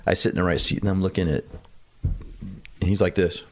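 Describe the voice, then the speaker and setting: Man, gravelly voice, low pitch, interview guest, animated storyteller, blunt and salty. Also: moderate pace, a little hiss or hum. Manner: animated, acts out quoted dialogue. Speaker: podcast guest. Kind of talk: conversational storytelling.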